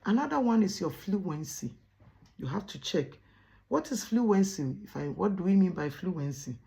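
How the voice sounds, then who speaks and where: Woman teacher with a gravelly, mellow voice. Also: on the low side, animated, moderate pace. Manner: asks rhetorical "what?" prompts for the class to finish; emphatic, repeats words for stress. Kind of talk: classroom lesson.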